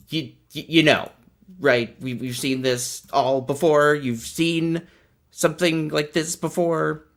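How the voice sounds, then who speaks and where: A man's voice: fairly high pitch, level tone, takes it slowly, a bit bright. A man hosting a livestream, giving sarcastic, rambling commentary in a casual chat. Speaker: host.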